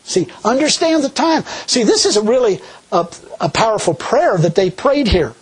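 A middle-aged man preaching a sermon in a folksy, animated way, laughing often. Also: high-pitched, moderate pace, husky, low-quality recording.

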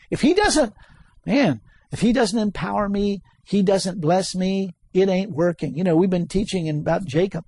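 A man preaching a sermon, animated and chuckling often, repeating key words and rising to sudden high exclamations. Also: unhurried, slightly rough.

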